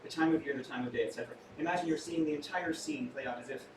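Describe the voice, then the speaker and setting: A man with a slightly high voice works a small room as a stage mentalist, his patter theatrical and full of teasing jokes. He sounds set back from the microphone in an echoey space. The murmur of the room hums clearly behind him. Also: very fast. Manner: playful, theatrical, jokey asides to the crowd. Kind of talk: live stage magic patter with audience. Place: small restaurant venue with live audience. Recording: echoey room, far from mic, audience noise.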